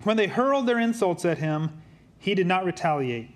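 A pastor preaching a sermon, moving between quiet, low emphasis and lively, humorous, conversational asides. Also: male voice, normal speed.

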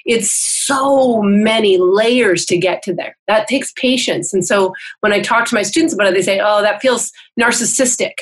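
A woman's voice: medium pitch, normal speed, few pauses, husky, low-quality recording. A woman counselor and teacher, a guest on a video call, explaining things in an earnest, instructive way and often asking "right?". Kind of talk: explanatory interview talk.

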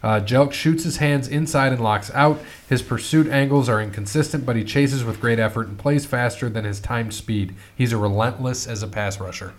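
A man's voice: mid-range voice, moderate pace, few pauses. Man, podcast co-host, casual sports chat, easygoing and teasing. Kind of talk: casual sports chat, reading scouting notes.

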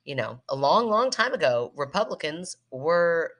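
A woman in her thirties co-hosting a podcast, chatting casually and telling stories in an animated way. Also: low voice, normal speed. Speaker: podcast co-host. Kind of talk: casual chat.

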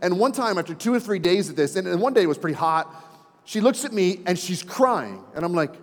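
Brisk and high-sitting, a man in his forties delivers a story-filled sermon from the church sanctuary. He animates his tales with folksy asides to the congregation, all echoing through a reverberant hall.

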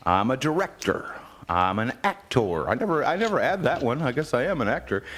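A man hosts a laid-back community radio chat, his pitch swinging widely as he rambles. He fills gaps with ums and breaks into laughter often. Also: sing-song, fast, fairly bright tone, slightly rough. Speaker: podcast host.

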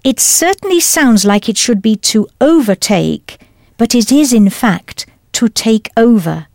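A woman leading a scripted audio language lesson, explaining patiently and deliberately into a close studio mic. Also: fairly high pitch, animated, darkish tone, dry recording. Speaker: language teacher.

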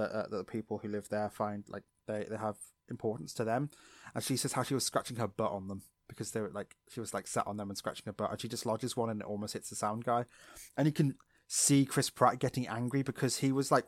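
A man's voice: medium pitch, dry recording, clean studio sound. A man co-hosting a casual podcast, telling rambling stories full of ums and likes. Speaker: podcast co-host. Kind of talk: casual chat.

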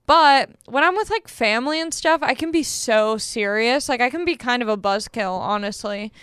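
A woman's voice: fairly high pitch, expressive, normal speed, fairly bright tone, clear, resonant tone, no echo. A young woman, a comedian hosting a podcast, telling stories in casual, self-deprecating chat. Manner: chatty, self-deprecating storytelling.

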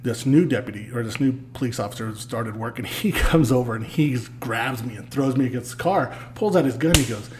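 A man guest on a podcast, telling a story in a casual, animated way and swearing freely. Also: mid-range voice, brisk, few pauses, a little hiss or hum.

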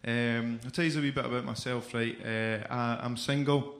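A man's voice: medium pitch, steady tone, normal speed, gravelly. A young Scottish man doing a stand-up comedy set, swearing, mocking himself, and chatting with the crowd. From Scotland. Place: comedy club stage. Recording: echoey club with audience noise.

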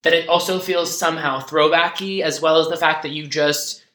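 A man co-hosting a casual podcast recap, talking in a chatty flow full of fillers and quick asides. His voice sits a little high and comes across bright and forceful. The sound is roomy and echoey, like dodgy audio from a shared room. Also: fairly even intonation. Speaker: podcast co-host. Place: recorded in person in a room.

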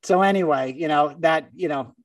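A man's voice: a little high, moderate pace, no echo, far from the mic. A man hosting a podcast, chatting casually about the news and telling stories with frequent laughs. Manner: chatty storyteller, laughs often. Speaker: podcast host. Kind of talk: casual political chat.

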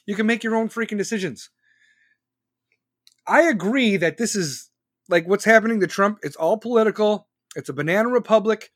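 A man in his forties with a fairly high voice, rambling bluntly through a profane political rant. The sound is dry and close, with no room around it. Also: normal speed, no echo. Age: 40s. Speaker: podcast host.

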